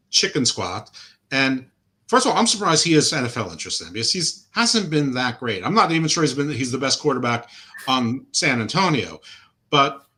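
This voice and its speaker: A middle-aged man co-hosts a sports podcast with a bright, forward tone. He rambles through plays in a casual, opinionated way, full of fillers and restarts. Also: medium pitch. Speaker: podcast co-host.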